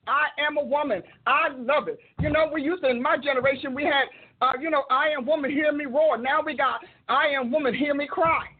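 A woman's voice: sits high, fairly even intonation, a little fast. An older woman, a minister and host, giving a sermon-like talk in an emphatic, repetitive preaching cadence over a tinny, phone-like recording.

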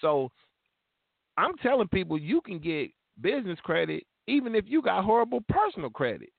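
A man's voice: high voice, very animated, moderate pace, creaky, no room sound. A man in his fifties talking in a casual, slangy and emphatic way, fired up as he tells his stories. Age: 50s. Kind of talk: casual podcast chat. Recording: tinny phone-line sound, dry.

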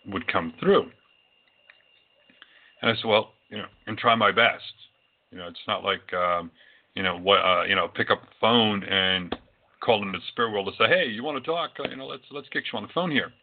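A man who works as a psychic medium, telling his own experiences in a loose, rambling way with many fillers. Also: low-pitched. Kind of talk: casual storytelling talk. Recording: tinny phone-like audio.

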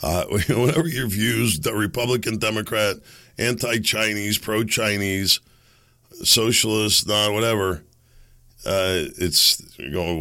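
A man with a hoarse, raspy voice hosts his own podcast, rambling and hesitant and poking fun at himself. His voice sits fairly low. It comes across bright and forceful all the same. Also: a little slow. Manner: rambling, hesitant, self-mocking. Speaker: podcast host. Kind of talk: casual solo commentary.

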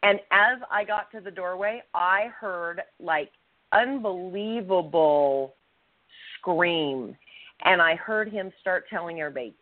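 A woman co-hosting a podcast, telling a personal story with animated, acted-out quotes. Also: lowish voice, takes it slowly, no room sound. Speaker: podcast co-host. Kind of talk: casual storytelling. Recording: tinny phone-line sound, dry.

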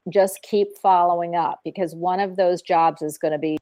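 A woman hosting a casual call-in radio show, effusive and quick to laugh. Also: fairly low pitch, fairly even intonation, mellow, dry recording.

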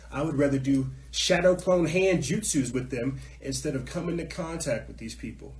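A man's voice: mid-range voice, normal speed, hardly any pauses. Ranting talk show host man in an echoey room. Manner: ranting, repetitive, swings from mutter to shouting. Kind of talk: heated monologue on a call-in show.

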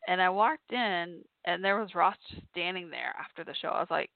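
A woman's voice: lowish voice, normal speed, creaky, dry recording. A woman telling a personal story to her listeners in a chatty way, laughing often. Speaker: podcast host. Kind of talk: casual storytelling monologue. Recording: tinny phone-like sound, dry.

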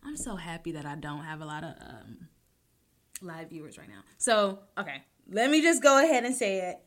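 A young adult woman hosting her own talk show, rambling with many restarts, joking to deflect, swinging between loud bursts and soft mumbles. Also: lowish voice, animated, normal speed. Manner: rambling, self-interrupting, jokes to deflect. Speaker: podcast host. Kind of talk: casual personal talk show.

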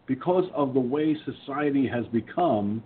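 A man's voice: mid-range voice, expressive, a little slow. Talkative guy hosting a radio chat show, thin tinny line, bit of hiss. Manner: talkative, storytelling, chuckling at himself. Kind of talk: casual chat. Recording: tinny phone-line audio with faint noise.

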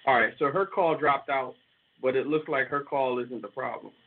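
Gravelly man hosting over a tinny phone line. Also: medium pitch, normal speed, slight background noise. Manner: loose, easygoing, talks to listeners directly. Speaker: host. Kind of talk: casual call-in show chat. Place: at home.

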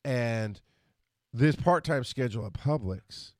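A man hosting a solo podcast, ranting with frustration and profanity, rushing his words and then reining himself in. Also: mid-range voice, animated, a little mellow, no room sound, studio quality. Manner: frustrated, profane, talks fast then slows down. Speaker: podcast host.

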